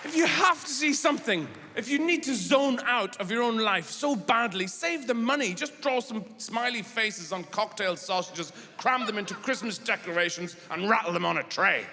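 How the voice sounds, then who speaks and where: Rambling Irish comedian with a high voice. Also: male voice, animated, some chatter behind. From Ireland. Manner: rambling, halting, bursts into shouted rants. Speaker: stand-up comedian. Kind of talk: stand-up comedy. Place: large theatre stage. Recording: live theatre with long reverb and audience noise.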